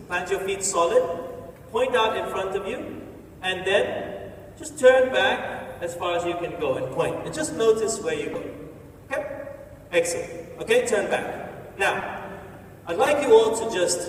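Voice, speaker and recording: A man giving an energetic, playful motivational talk on stage in a large hall, telling the audience what to do. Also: high voice, a little hiss or hum. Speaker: motivational speaker. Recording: echoey hall from far off, faint ambience.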